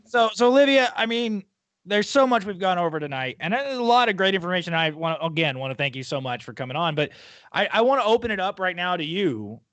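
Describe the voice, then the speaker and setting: A man's voice: sits high, big pitch swings, a bit bright, no room sound. Joking man telling stories on a podcast. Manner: joking storyteller, talks in quick bursts with repeats. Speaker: podcast co-host. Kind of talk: casual chat.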